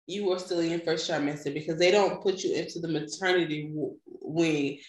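A woman's voice: low voice, fairly even intonation, fairly quick. A woman in a casual chat, chiming in and asking curious questions. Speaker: podcast co-host. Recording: roomy echo.

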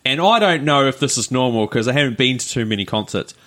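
A man, co-hosting a podcast in casual chat, telling stories in a rambling, animated way. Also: mid-range voice, quick pace. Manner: rambling storyteller, animated retelling. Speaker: podcast co-host.

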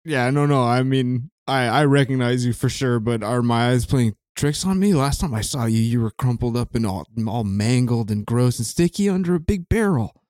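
A man's voice: mid-range voice, animated, normal speed, hardly any pauses, a little mellow, dry recording, lightly acted. A man doing a bewildered, weepy widower who rambles and keeps breaking into laughter. His voice sits mid-range and sounds dry and close. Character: grieving widower, weepy and easily confused. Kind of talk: improvised comedy scene.

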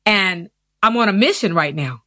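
A woman in her fifties telling her personal story in an interview, earnest and animated. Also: medium pitch, moderate pace, no echo, studio quality. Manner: earnest, animated retelling with acted quotes. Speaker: interview guest.

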